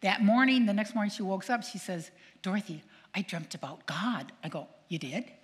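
An older woman, a nun, telling stories to an audience in a lively way, acting out quoted voices and asking her listeners questions. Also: medium pitch, normal speed. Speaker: nun and speaker. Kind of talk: storytelling talk to an audience. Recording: long hall reverb.

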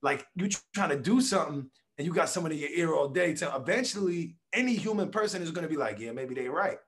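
Guy talking loose and blunt on a podcast, swears a lot, voice sits kinda high. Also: fast. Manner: blunt, profane, animated storytelling with acted quotes. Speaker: podcast guest. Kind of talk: casual conversation.

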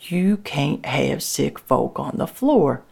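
A woman's voice: low voice, lively intonation, slow pace, creaky, a little mellow, husky, exaggerated voice. A woman voicing a worried plant worker who speaks in plain, folksy dialect. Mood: alarmed. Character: anxious working man, plant worker, stubborn.

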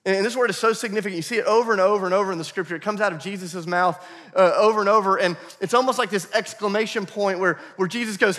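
A man preaching a sermon as pastor, animated and playful, with asides to the congregation. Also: high-pitched, quick pace. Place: church hall. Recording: long reverb of a church hall.

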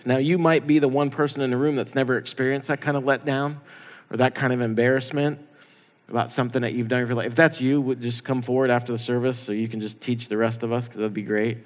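A pastor giving a conversational sermon, acting out the people in the story in quoted voices. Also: male voice, medium pitch, steady tone, fast talker. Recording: long hall reverb.

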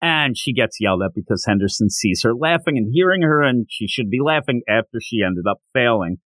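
Animated middle-aged man recapping manga. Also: brisk, dry recording. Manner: animated, slips into high silly character voices when quoting. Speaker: podcast co-host. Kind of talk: casual manga recap chat.

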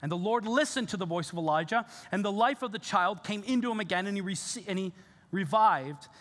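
A male pastor preaching a sermon, earnest and animated, with casual fillers and restarts. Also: sits high, fairly quick. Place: church sanctuary. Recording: church hall reverb.

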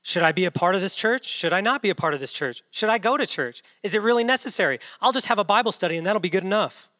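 A man's voice: sits high, lively intonation, fast talker, sharp tone. A man in his thirties preaching a passionate sermon, full of rhetorical questions. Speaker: pastor. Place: church hall. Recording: reverberant church hall.

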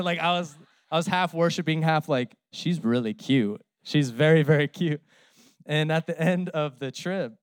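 Pastor in his thirties, man, humorous conversational preacher, smooth voice, dry close sound. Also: a little high, normal speed, dry recording. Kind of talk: sermon.

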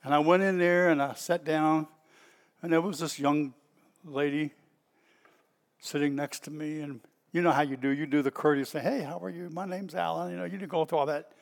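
A middle-aged man with a Southern US accent, a pastor preaching in a folksy, storytelling way that bursts out loud at times. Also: fairly high pitch, normal speed, in a large hall. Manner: folksy and animated, stretches words, bursts out loud. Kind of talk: storytelling sermon.

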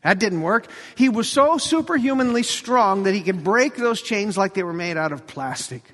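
Male preacher, high bright voice, animated storyteller, long church-hall reverb. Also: moderate pace. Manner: animated storytelling, acts out quotes, jokes. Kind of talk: sermon.

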